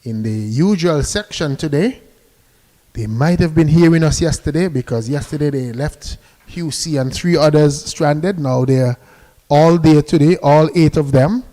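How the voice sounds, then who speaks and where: A man giving live cricket commentary, chatty and relaxed, sending greetings to listeners between deliveries. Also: on the high side, a little slow.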